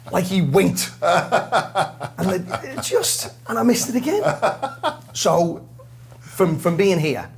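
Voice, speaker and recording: A man from Liverpool with a Liverpool accent, a guest drummer telling a lively, self-mocking story in an interview. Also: fairly high pitch, a little hiss or hum. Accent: Liverpool English. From Liverpool, England.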